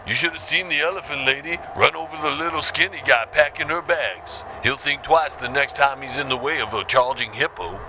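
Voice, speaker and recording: A man's voice: on the high side, brisk, hardly any pauses, background noise, natural voice. A man voicing a blunt, rambling male caller on a comedy radio show. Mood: brash. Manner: brash, rambling.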